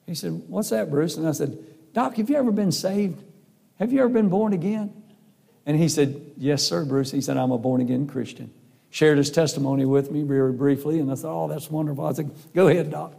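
A middle-aged man preaching a sermon with a hoarse voice, telling a personal story in a folksy way and acting out the voices of people in it. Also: on the high side, darkish tone. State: hoarse from a vocal cord nodule. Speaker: preacher and singer.

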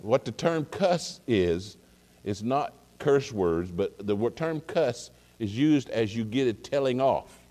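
A man's voice: medium pitch, lively intonation, takes it slowly, warm tone. A man preaching, telling a rambling folksy story with many fillers and restarts. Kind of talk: casual sermon anecdote. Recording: long hall reverb.

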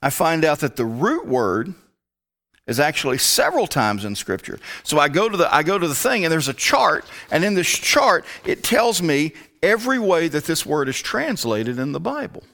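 Lively-pitched preacher teaching scripture. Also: male voice, moderate pace. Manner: conversational, explains his word study step by step. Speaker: pastor. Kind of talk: Bible teaching sermon.

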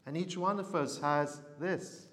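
A man preaching a sermon, telling a story in an earnest, unhurried way. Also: fairly high pitch, fairly bright tone, long reverb tail.

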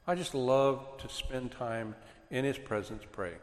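A man preaching earnestly to a congregation about raising children, animated as he makes his points. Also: mid-range voice, measured pace. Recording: echoey hall with long reverb.

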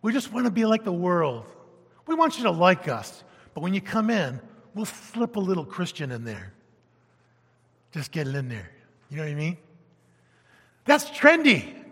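Male pastor, high and bright, emphatic sermon delivery, long church-hall reverb. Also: moderate pace, long pauses, breathy edge. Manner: animated, emphatic, swinging from loud to hushed.

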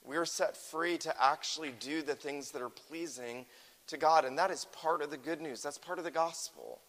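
A man's voice: a little high, moderate pace, fairly bright tone. Earnest man preaching in a reverberant church. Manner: earnest, emphatic preaching with repetition. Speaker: pastor. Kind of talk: sermon.

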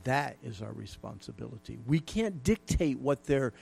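A man's voice: mid-range voice, expressive, moderate pace, gravelly, a little mellow, husky. A middle-aged man preaching a folksy, emphatic sermon with jokes and repetition. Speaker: pastor.

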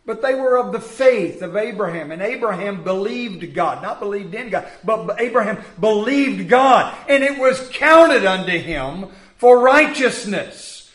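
A man preaching a sermon, acting out the voices of biblical figures and swinging from loud to hushed. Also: sits high, expressive, measured pace. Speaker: pastor. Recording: echoey room.

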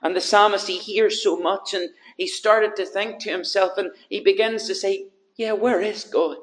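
Male preacher, high voice, earnest sermon, repeated rhetorical questions. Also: flat delivery, moderate pace, a bit bright.

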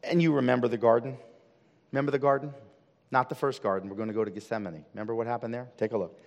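A man's voice: big pitch swings, fairly quick, long reverb tail. Preacher man with rhetorical questions. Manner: swings from loud emphatic calls to hushed low intensity; asks the congregation rhetorical questions. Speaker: pastor. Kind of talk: sermon. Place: church service.

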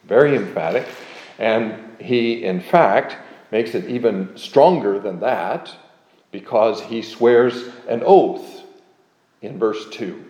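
Man, Bible lecture, deliberate and emphatic, lowish voice, roomy echo. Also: expressive, darkish tone, highs cut off. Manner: measured, emphatic reading of scripture. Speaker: Bible teacher.

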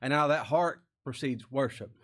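A man preaching a sermon as pastor, folksy and plain-spoken, asking rhetorical questions and sometimes dropping to a hush. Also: medium pitch, moderate pace.

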